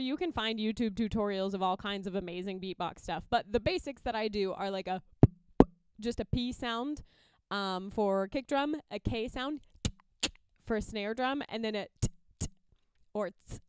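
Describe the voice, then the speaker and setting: In this relaxed tutorial, a young loop musician walks through her song-arranging process for the looper, breaking into short sung or beatboxed snippets along the way. She speaks in an animated, mid-range voice at a moderate pace, staying chatty and cheerful.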